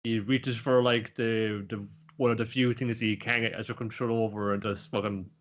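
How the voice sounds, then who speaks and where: A man's voice: lowish voice, little pitch movement, normal speed, lo-fi sound. A married man co-hosting a podcast, rambling through an anime recap with swearing and trailing sentences. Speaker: podcast co-host. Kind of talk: casual chat recapping an anime episode.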